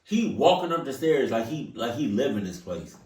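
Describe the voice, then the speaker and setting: A man hosting a reaction video, talking in a casual, animated way, stammering and repeating himself. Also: medium pitch, normal speed. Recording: echoey room, mic at a distance.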